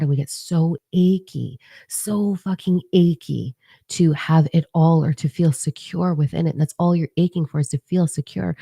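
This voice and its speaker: A middle-aged woman from Canada gives a blunt, profane motivational talk as a spiritual coach. Her voice is low and dark, with plenty of gravelly fry. The recording is close and dry. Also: normal speed, no echo. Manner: blunt, profane, animated storytelling. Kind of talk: casual motivational monologue.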